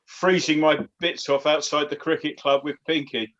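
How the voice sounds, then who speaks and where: A man's voice: fairly high pitch, little pitch movement, normal speed, a loud crowd. Man, football panel guest, stammering anecdotes, dull call audio. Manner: stammering restarts, chuckling storyteller. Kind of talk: casual anecdote telling.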